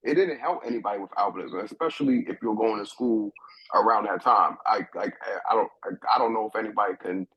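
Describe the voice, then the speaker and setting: A husky middle-aged man from New York tells a personal story with lively, halting energy, circling back over his own words. The sound is dry and close, with a dull, lo-fi edge. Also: on the low side, no room sound. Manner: animated, restarts often, repeats words while thinking. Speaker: guest.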